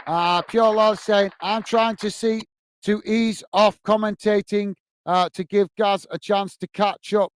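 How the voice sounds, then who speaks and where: Reading his viewers' chat aloud during a live football watch-along, this male livestream host has a high-pitched, clear, resonant voice. He chats back casually and stays friendly. The recording is dry.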